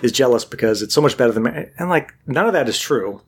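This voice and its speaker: A man's voice: mid-range voice, fast talker, breathy edge. Guy chatting casually, tells a long story, does voices for the quotes. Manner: animated storyteller, acts out quotes. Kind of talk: casual chat.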